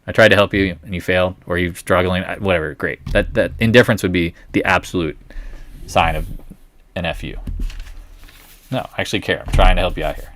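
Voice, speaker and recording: Deep-voiced man musing over markets. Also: a little fast, a bit bright. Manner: thinks aloud, wry and blunt. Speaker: host of a live market stream. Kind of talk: live market commentary.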